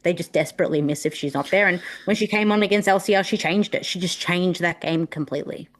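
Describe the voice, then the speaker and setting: A woman's voice: lowish voice, quick pace. A woman co-hosting a women's football podcast, giving forthright, opinionated analysis in casual chat. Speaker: podcast co-host.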